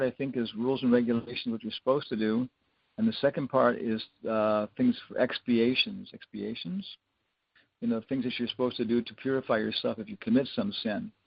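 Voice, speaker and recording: A man with a gravelly, husky voice gives a scripture class, drifting into rambling anecdotes full of fillers. The recording is dull and lo-fi, and the sound is dry and close. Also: medium pitch, no room sound. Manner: rambling storyteller, many fillers, chuckles often. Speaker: spiritual teacher giving a scripture class.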